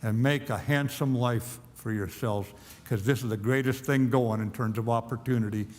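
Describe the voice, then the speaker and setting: A man's voice: mid-range voice, fairly even intonation, moderate pace. Older man telling a blunt story, long hall echo. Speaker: guest speaker. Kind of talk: storytelling speech to an audience. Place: university auditorium.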